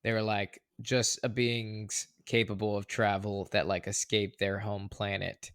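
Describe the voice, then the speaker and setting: A man with a gravelly, fry-filled voice at middle pitch chats on a podcast in a relaxed, joking manner. The recording is dry and close-miked. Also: a little slow, dry recording. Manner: laid-back, joking, says "bro". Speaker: podcast co-host. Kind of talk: casual chat.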